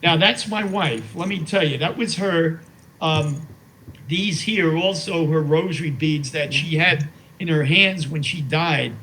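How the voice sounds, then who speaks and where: A man in his eighties, appearing as an interview guest, recounts stories in a sincere, wandering way, frequently repeating "you know." His fairly high voice sounds pushed and bright and moves a little slowly, over slight background noise in a low-quality recording.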